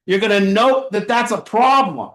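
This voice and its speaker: Man, high voice, earnest preaching cadence, support group leader, echoey room. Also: expressive, moderate pace, fairly bright tone. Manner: earnest, repetitive preaching cadence with rhetorical questions. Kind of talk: motivational group talk.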